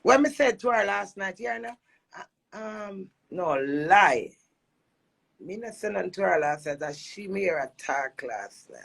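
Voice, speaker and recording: Jamaican woman, heavy gravelly fry, husky breathy edge, emphatic heated venting, patois mixed with English. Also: mid-range voice, very animated, unhurried. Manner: emphatic, repetitive, switching between patois and English. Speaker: dancehall personality airing a marital dispute.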